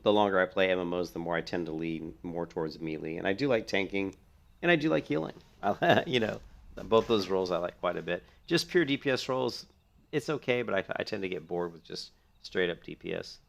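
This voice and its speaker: A man's voice: low voice, brisk, vocal fry. A young man giving casual, rambling commentary while playing a video game. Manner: rambling, filler-heavy, restarts often. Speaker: gaming video host.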